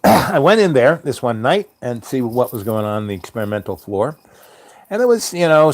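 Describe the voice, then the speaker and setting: A man's voice: medium pitch, a little mellow, dry recording. Rambling middle-aged male storyteller, dry sound. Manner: meandering, full of ums and you-knows. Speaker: storyteller host. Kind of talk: rambling spoken-word storytelling.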